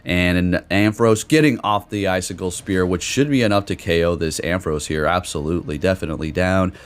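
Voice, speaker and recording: A man giving casual, excitable commentary over his own competitive game matches, swearing now and then. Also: deep voice, brisk. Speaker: gaming commentator.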